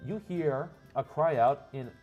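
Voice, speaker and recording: A man's voice: on the high side, unhurried, phone-quality sound, soft background music. A man narrating a tabletop game as game master, describing the scene at length with frequent restarts.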